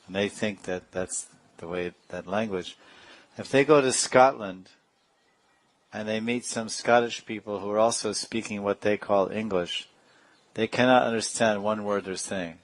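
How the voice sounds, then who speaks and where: Low-voiced man giving a sermon. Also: a little slow, poor audio. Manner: storytelling with playful imitations and laughs. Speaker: spiritual teacher.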